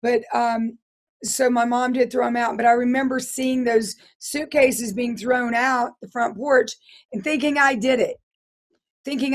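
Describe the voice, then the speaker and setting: A hoarse middle-aged woman, a guest telling her life story in an interview in an earnest, halting way with frequent restarts. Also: a little high, fairly even intonation. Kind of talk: personal testimony interview.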